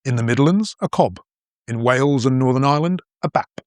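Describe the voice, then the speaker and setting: A man from northern England with a softened northern accent, hosting an educational podcast in measured scripted narration. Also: medium pitch, dry recording, studio quality. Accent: softened northern English. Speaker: podcast host.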